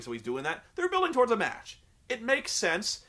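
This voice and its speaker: A man's voice: fairly high pitch, huge pitch swings, normal speed, bright, forceful tone. A young man recapping a wrestling show in a sarcastic, profane, rambling comedic commentary.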